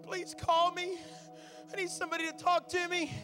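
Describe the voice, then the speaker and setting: A man voicing the boy Samuel, lonely and pleading in a small, high voice. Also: monotone, normal speed, over music.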